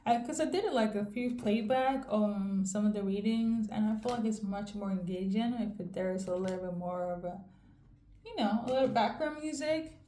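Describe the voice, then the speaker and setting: A woman giving a casual tarot reading in a rambling, fairly monotone way, often checking in with "okay?". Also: medium pitch, moderate pace, echoey room, a little hiss or hum. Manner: monotone delivery. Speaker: tarot reader.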